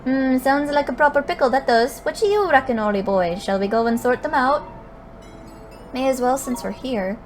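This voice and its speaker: A woman's voice: high-pitched, normal speed, soft background music, lightly acted. A woman voicing a chatty, cheeky male fairy sidekick in a game, with a wobbly put-on Scottish accent. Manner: lively, inconsistent put-on brogue.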